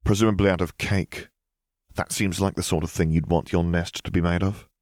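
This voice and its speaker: A man voicing a devoted young husband who is protective and gently joking. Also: deep voice, fairly even intonation, brisk, no room sound, studio quality, natural voice.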